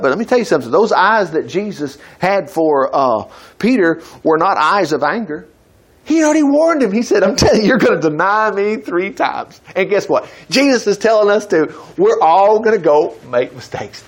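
This high-voiced man preaches with a chatty manner, voicing quoted speakers as he reads from scripture. His volume jumps abruptly to loud bursts, then falls away softly.

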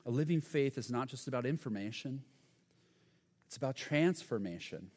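A man's voice: mid-range voice, lively intonation, normal speed, darkish tone. A man preaching a sermon as pastor, earnest and emphatic, sometimes stumbling over his words. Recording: long hall reverb.

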